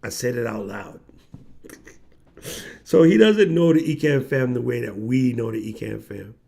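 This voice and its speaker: A man's voice: medium pitch, measured pace, vocal fry. A man hosting a livestream, telling a story in casual slang and acting out the people he quotes. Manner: animated slangy storyteller, acts out quoted voices. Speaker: livestream host.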